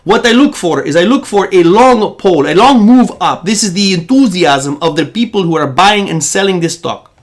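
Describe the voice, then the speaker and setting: A man's voice: sits high, animated, normal speed. A man imitating an earnest male trading instructor with an Egyptian accent, drawing out his phrases with emphasis. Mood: enthusiastic.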